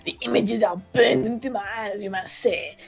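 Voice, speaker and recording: A woman's voice: fairly high pitch, normal speed, vocal fry, soft background music. Woman putting on a haughty fake-French lunch lady. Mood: taunting. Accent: put-on obnoxious French. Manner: haughty, taunting. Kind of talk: fan voice-over of a game.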